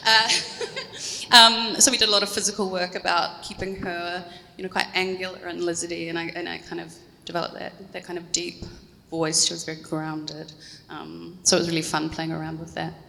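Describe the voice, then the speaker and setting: A woman's voice: on the low side, level tone, a little fast, gravelly, sharp tone, a little hiss or hum. A woman with a New Zealand accent speaking on a convention panel in a friendly, chatty way with many fillers. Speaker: panel guest. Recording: echoey convention hall.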